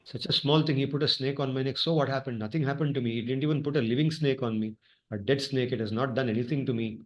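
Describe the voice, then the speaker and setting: A man's voice: medium pitch, fairly even intonation, fast, close to an everyday voice. A man voicing an old sage who reproachfully scolds his son. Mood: scolding.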